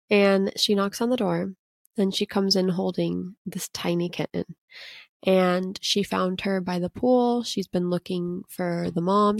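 A woman's voice: medium pitch, creaky, darkish tone, dry recording, studio quality. A woman in her thirties from Miami, a podcast co-host telling a long story in casual chat, full of "like" fillers. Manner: chatty storytelling with many "like" fillers.

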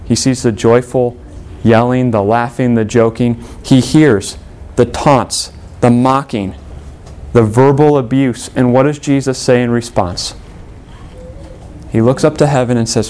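A man preaching a sermon, earnest, with emphatic rises in pitch and soft, low drops when quoting prayers. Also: fairly even intonation, a little slow, clean tone. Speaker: pastor.

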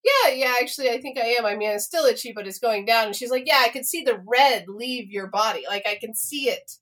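A woman's voice: fairly high pitch, fairly quick, a bit bright. A woman co-hosting a podcast, telling a story in casual chat, laughing often, swearing freely and acting out the dialogue. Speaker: podcast co-host.

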